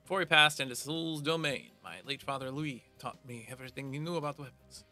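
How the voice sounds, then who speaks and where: Man playing a grandiose game weaponsmith, boastful, formal, theatrical, gravelly, bright tone. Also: on the high side, quick pace, soft background music. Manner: theatrical, formal old-fashioned speech.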